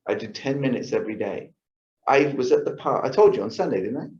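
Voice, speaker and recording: A man's voice: medium pitch, lively intonation, fast talker, darkish tone. Chatty man teaching in a roomy studio. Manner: chatty, acts out his own thoughts, asks the audience "right?". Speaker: yoga teacher giving a lifestyle talk. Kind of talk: casual lecture to a class. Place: yoga studio. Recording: roomy, dull lo-fi sound.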